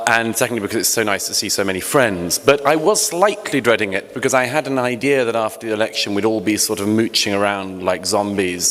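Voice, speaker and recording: A man's voice: on the low side, fairly bright tone. A British man giving a conference panel speech, earnest with hesitant restarts and wry humor, into a podium microphone. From Britain. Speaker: panel speaker. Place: large hotel conference hall. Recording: echoey hall, faint ambience.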